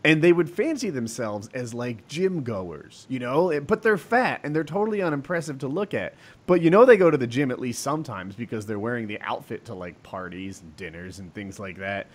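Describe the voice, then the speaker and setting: A man's voice: mid-range voice, fairly quick. A man with a Boston accent hosting a casual podcast chat, telling stories emphatically. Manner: animated storyteller, emphatic. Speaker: podcast host.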